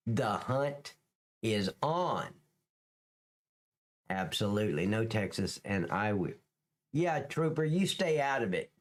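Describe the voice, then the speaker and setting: Middle-aged man, livestream host, casual chat, joking, profane, rambling. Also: medium pitch. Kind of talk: casual live-stream chat with viewers.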